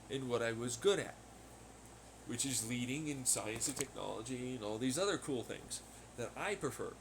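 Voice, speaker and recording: A man hosting a podcast in a rambling, casual monologue, swearing freely, laughing often and getting loud when excited. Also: medium pitch, slight background noise. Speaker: podcast host. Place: at home on laundry day.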